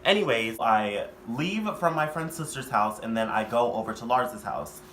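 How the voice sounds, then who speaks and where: A man's voice: medium pitch, expressive, moderate pace, fairly bright tone, slight background noise. A young man telling a storytime vlog in a casual, profane, rambling way. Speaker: vlogger.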